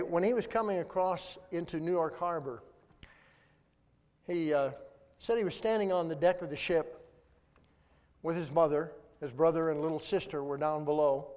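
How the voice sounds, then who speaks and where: An older man, a guest speaker, preaching a sermon and telling a family story in a folksy, animated way. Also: high voice. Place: large church sanctuary. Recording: long reverb of a large hall. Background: congregation.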